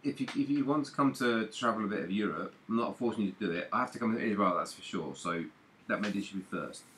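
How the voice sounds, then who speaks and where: Low-pitched male stream host, rambling casual chat. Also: fast talker, fairly bright tone, a little hiss or hum. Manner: rambling, repeats words, laughs often.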